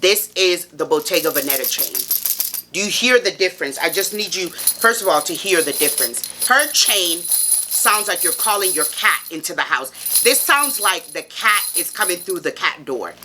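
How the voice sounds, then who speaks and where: A woman's voice: lowish voice, lively intonation, moderate pace, background noise. A woman fashion vlogger giving a casual review to camera, sassy and playful, calling the viewer baby.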